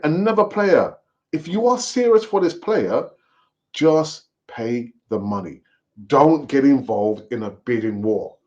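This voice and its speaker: A man hosting a casual live football fan stream, talking in an animated, repetitive, rambling way. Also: on the high side, highs cut off. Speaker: football fan channel host.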